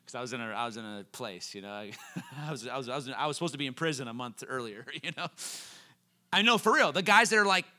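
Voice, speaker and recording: A young man preaching a sermon, telling a story with quoted voices and laughs before building to fervent, loud calls. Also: medium pitch, animated, fast. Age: young adult. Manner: laughs between lines.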